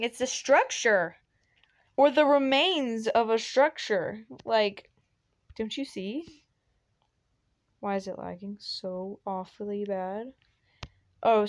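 A young woman hosting casual gameplay commentary, chatty and excitable, laughing often. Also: fairly high pitch. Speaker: gaming channel host.

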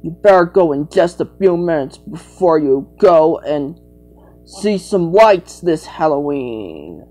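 A woman drawls through a rambling, improvised play scene, trading lines between made-up characters. Her pitch swoops and bounces all over, while her delivery stays unhurried. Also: very animated, warm tone, faint music behind, poor audio.

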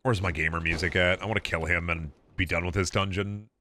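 A man streaming a video game, giving crude, joking, excitable commentary. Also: low-pitched, brisk. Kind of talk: casual gaming commentary.

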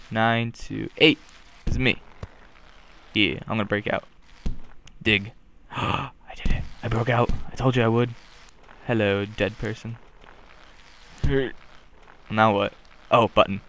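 A man doing goofy let's play commentary, joking along and bursting into loud yelps. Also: fairly low pitch, gravelly, slight background noise. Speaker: gaming commentator.

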